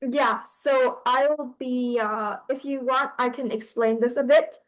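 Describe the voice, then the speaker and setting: A woman teaches poetry to a class in a high, light voice. She talks slowly and haltingly, pausing often and restarting her sentences as she works through an explanation. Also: fairly even intonation, poor audio. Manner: hesitant, with frequent pauses and restarts.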